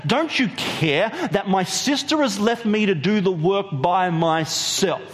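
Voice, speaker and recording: A man's voice: high voice, expressive, a little slow, fairly bright tone, in a large hall, a little hiss or hum. A man voicing Martha as an overworked, indignant woman complaining in a sermon retelling. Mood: exasperated. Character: exasperated frantic woman Martha, overworked hostess.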